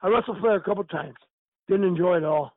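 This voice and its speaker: A man's voice: high-pitched, fast talker, dry recording, phone-quality sound. An older man, a retired pro wrestler, telling stories in a casual chat, laughing often and acting out what others said. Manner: animated, laughing often, acts out quoted lines. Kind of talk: casual storytelling.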